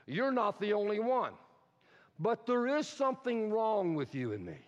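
A high-voiced male pastor preaches with animated energy, often acting out the lines he quotes. His voice carries a long reverb through a church hall. The sound is slightly dull. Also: moderate pace. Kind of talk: sermon. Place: church sanctuary.

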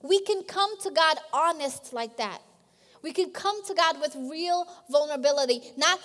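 A woman pastor preaches in a conversational, emphatic way and often restarts her phrases. Her voice sits high. It carries with a long reverb through a large church hall. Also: moderate pace, fairly bright tone. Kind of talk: sermon.

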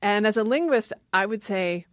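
A woman's voice: mid-range voice, lively intonation, moderate pace, no room sound, clean studio sound. A woman linguist explaining language in an interview, often laughing as she talks. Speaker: linguist guest. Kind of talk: interview talk.

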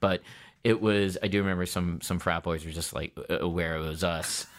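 A man being interviewed as an actor guest, telling stories in a lively way with frequent laughs and quick restarts. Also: low-pitched. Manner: animated storytelling, laughs often, quick restarts. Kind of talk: casual interview chat.

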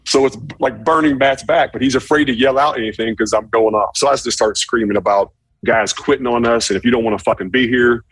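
A man casually telling a profane story, acting out shouted quotes with animated energy. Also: mid-range voice, brisk, husky, dry recording. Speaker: former football player telling a story.

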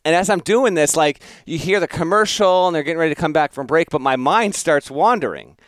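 A man's voice: on the high side, brisk, clear, resonant tone, dry recording. A man co-hosting a podcast, telling a story about himself in casual chat, self-mocking and laughing at his own antics. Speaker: podcast co-host.

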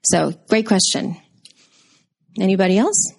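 A woman in her thirties giving a lively, conversational workshop talk and taking questions from the audience. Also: medium pitch, fairly quick. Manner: bubbly, expressive, conversational. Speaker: workshop presenter.

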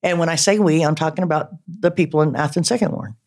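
A man telling his life story in a casual, rambling way, halting often with fillers and turning self-mocking. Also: on the high side, darkish tone. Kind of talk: personal storytelling.

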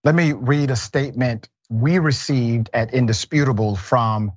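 A man's voice: mid-range voice, unhurried, breathy edge, dry recording, highs cut off. A man hosting a news talk show, reading viewer comments and a company statement and questioning a guest. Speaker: host.

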